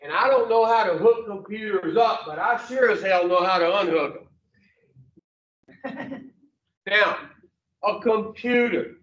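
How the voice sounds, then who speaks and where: A man's voice: high voice, unhurried, long pauses, a bit bright, slight background noise. A man giving a blunt, profane motivational talk to a group, asking the room questions in a folksy way. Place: room with a small audience. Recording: roomy, distant, dull mic.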